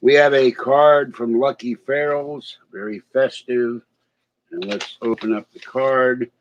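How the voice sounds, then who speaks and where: A man's voice: mid-range voice, fairly even intonation, takes it slowly, a little hiss or hum. A man vlogging in a casual, rambling way, chatting and complaining about his day. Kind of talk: casual chat to camera. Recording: slightly dull lo-fi sound.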